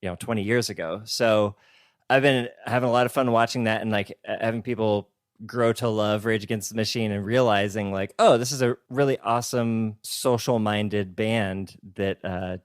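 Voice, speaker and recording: A man's voice: lowish voice, steady tone, moderate pace, smooth, no echo, clean studio sound. A man in his thirties co-hosting a podcast, telling a story in a rambling, enthusiastic way. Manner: rambling, enthusiastic, restarts words. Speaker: podcast co-host. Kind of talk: casual chat.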